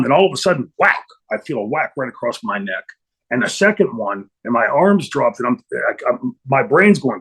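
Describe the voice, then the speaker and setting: Middle-aged male interview guest, husky and rambling, mid-pitched storyteller. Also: sing-song, moderate pace, a bit bright, poor audio. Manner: rambling, many fillers and restarts. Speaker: interview guest, former wrestler.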